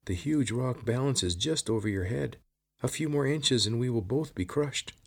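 Storybook lizard sidekick, formal and deferential, voice lifted above a man's own husky tone. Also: mid-range voice, normal speed, pitched above the performer's own voice. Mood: earnest, anxious. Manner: formal, deferential, calls everyone sir, no contractions. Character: polite formal male lizard companion, loyal.

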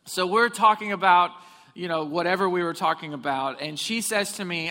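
A man's voice: sits high, normal speed, pushed and bright. A man preaching a sermon in a church hall, telling funny stories and asking the congregation questions. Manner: humorous storytelling, asks the congregation questions. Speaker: pastor. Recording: long reverb of a hall.

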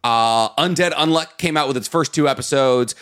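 A man's voice: mid-range voice, normal speed, fairly bright tone, smooth. A young man co-hosting a casual anime podcast, joking around. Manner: joking, puts on silly British voices. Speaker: podcast co-host. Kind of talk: casual chat.

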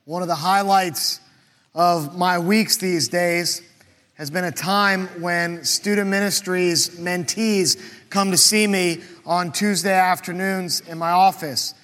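Male pastor, conversational sermon, higher pitch, churchy reverb. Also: fairly even intonation, takes it slowly, a bit bright. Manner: conversational, asks questions aloud.

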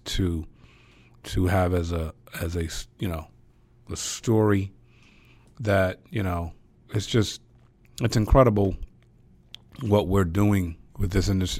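A man's voice: low-pitched, darkish tone, dry recording. A man hosting an interview who asks questions in a rambling way and laughs easily. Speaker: host.

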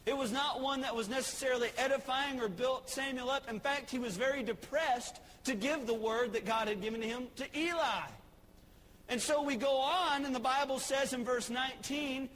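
A man's voice: extremely high pitch, normal speed, fairly bright tone, big-room sound, a little hiss or hum, rough recording. A man preaching a sermon with passion, stammering and repeating words as he builds his points. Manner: impassioned, repeats words, voices characters in a Bible story. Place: church.

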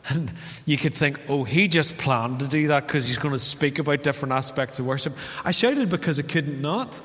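A long church-hall reverb surrounds a Northern Irish man delivering a sermon as pastor. His voice is medium-pitched, fairly bright and steady, and fairly quick, and he keeps things conversational by acting out brief dialogues with his listeners.

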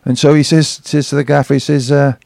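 A man telling anecdotes as a guest on a chat show, animated and acting out shouted quotes. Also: medium pitch, fairly quick, vocal fry, no room sound.

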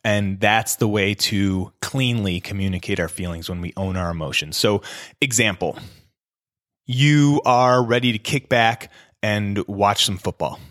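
A man with a fairly low voice talks straight to his listeners in a casual coaching tone, like a podcast host walking them through advice. The sound is dry and close, with no room around it. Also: measured pace, fairly bright tone, no room sound.

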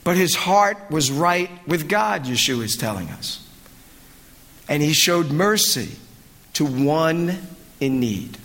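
High-voiced man preaching in a hall. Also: sing-song, slow, a bit bright. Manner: dramatic preaching with swelling and dropping delivery. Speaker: pastor. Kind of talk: sermon.

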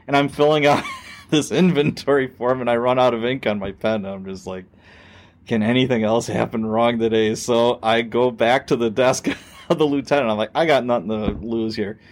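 A middle-aged man tells a story from his days on the police force in a relaxed podcast chat. His voice sits at an ordinary pitch, and he jumps into the quoted voices as he goes, with the odd swear word thrown in. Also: moderate pace. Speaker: podcast host, former police officer.

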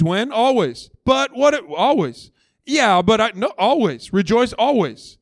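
A man preaching a sermon, conversational and animated, calling out for responses and dropping low and slow on key phrases. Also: no echo, clean studio sound. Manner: conversational with frequent "like" and storytelling. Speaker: pastor. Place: church.

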